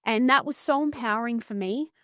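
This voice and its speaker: Earnest Australian woman, bright voice. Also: on the high side, brisk, dry recording, studio quality. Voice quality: earnest, intense, blunt with swearing. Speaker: psychotherapist guest. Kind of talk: emotional personal story in podcast conversation.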